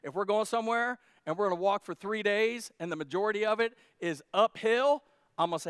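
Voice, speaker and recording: A man's voice: high voice, a little fast, fairly bright tone, clean tone, dry recording, clean studio sound. A male pastor preaching a sermon at a church service in a joking, conversational way.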